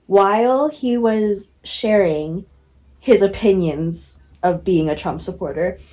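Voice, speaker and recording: Young woman, casual self-reflective vlogger, candid with frequent laughs, mid-pitched voice. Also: mellow. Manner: candid, laughs often, says "like" a lot, swears casually. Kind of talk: casual reflective vlog talk.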